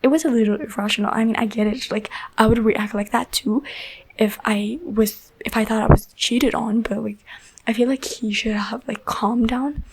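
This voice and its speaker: A woman's voice: fairly high pitch, steady tone, normal speed, slight background noise, low-quality recording. A woman giving a casual, rambling spoiler review of a book, full of "like" and "you know", emotionally invested and often dropping into a half-whisper.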